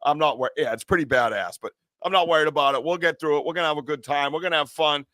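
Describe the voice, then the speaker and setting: A podcast host with a high-side, quick, pushed and bright voice records from a small room tucked in a corner of his home, with dry, studio-quality sound. He chats casually, teases his guests and laughs often.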